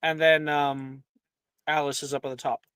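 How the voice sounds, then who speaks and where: A man's voice: fairly high pitch, little pitch movement, normal speed, a bit bright, clear, resonant tone. A man running a tabletop game as game master, chatty and laughing often, with lots of fillers.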